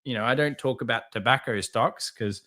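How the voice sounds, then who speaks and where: A man giving casual live market commentary, talking over charts and answering viewer chat with candid quick asides. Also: medium pitch, sharp tone. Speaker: market analyst streamer.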